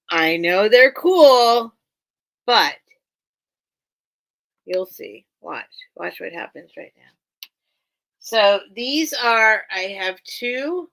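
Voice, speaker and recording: Bright, slow-talking woman hosting a live sale. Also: medium pitch. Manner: chatty and rambling, thinks aloud; greets viewers by name. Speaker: live online sale host. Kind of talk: casual live-stream selling chat.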